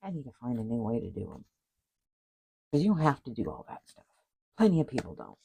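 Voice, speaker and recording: A woman's voice: very deep voice, wildly swooping pitch, brisk, vocal fry, mellow, slightly rough, rough recording. A woman crafter chatting casually as she shows a handmade journal, rambling with asides and apologies. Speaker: craft vlogger. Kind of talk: casual journal flip-through chat.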